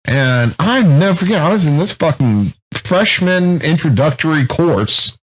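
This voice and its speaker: A man in his thirties chats on a podcast with a husky, slightly rough voice. His pitch swings widely as he tells animated, profane stories. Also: measured pace, rough recording. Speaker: co-host. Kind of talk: casual podcast chat.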